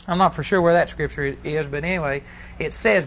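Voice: medium pitch, fast, fairly bright tone, rough recording. Preacher, folksy and rambling, mid-range voice, faint background hiss. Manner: folksy, rambling, prompts the congregation and corrects itself. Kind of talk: sermon. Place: church service before a congregation.

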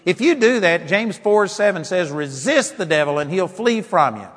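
A man preaching a sermon with passion, building to shouts and mocking timid prayers in a whiny voice. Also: high-pitched, expressive, normal speed, husky. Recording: long hall reverb.

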